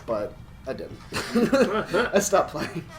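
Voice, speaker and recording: A man's voice: sits high, big pitch swings, drawn-out words, crowd noise. A man co-hosting a podcast, telling a gaming story in casual chat, swearing and laughing as he goes. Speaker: podcast co-host.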